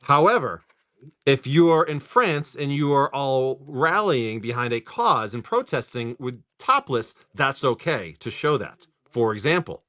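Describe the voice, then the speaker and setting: A man hosts a live card-breaking stream with a lively voice that swings up and down. He talks loosely and casually to his chat, dropping curse words as he goes. His pitch sits in an ordinary middle range. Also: measured pace, few pauses. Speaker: host of a live card-pack opening stream.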